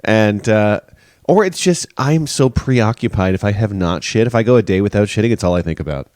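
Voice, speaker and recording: A man co-hosting a podcast in casual chat, joking and animated, his pitch jumping when he gets excited, in his morning voice. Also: brisk, no room sound, studio quality. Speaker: podcast co-host.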